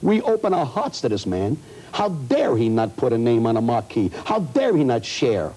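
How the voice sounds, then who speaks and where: On old broadcast audio with a rough recording, a comedian guest rants indignantly in a heated talk show interview, firing off complaints rapidly. His mid-range voice is warm and husky, with wildly swooping pitch.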